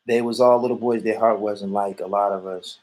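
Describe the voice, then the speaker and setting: A man's voice: lowish voice, fairly even intonation, a little fast, very noisy. Guy ranting on a stream, blunt and repetitive, swears a lot. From Erie, Pennsylvania. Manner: blunt, repetitive, profane street talk. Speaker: vlogger reading viewer comments. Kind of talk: livestream rant reacting to comments.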